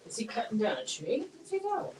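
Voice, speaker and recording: A middle-aged woman hosting a casual live-stream chat with a friend, talking in a chatty, animated way. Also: on the high side, fairly quick, low-quality recording. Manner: chatty and animated, swears and laughs easily. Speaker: channel host.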